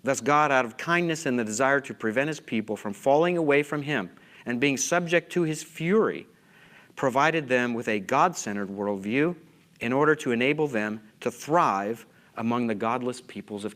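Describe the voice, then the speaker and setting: A man's voice: mid-range voice, fairly bright tone. A man giving a conference lecture, emphatic and full of questions to the audience. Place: conference hall.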